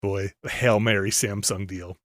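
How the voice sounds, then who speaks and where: A middle-aged man hosting a podcast, rambling and animated with lots of fillers and restarts. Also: lowish voice, normal speed, no room sound, studio quality. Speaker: podcast host. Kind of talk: casual chat.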